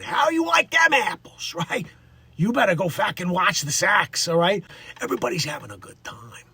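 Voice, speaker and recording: A man voicing a brash, rowdy male sports fan with a Boston accent, gruff and swearing. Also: on the high side, pushed and bright, heavily acted.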